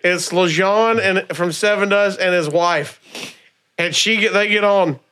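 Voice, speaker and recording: A man, a comedian guest on a podcast, telling stories in a casual, animated way, laughing and doing the voices of people he quotes. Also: high-pitched, a little slow. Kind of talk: casual storytelling.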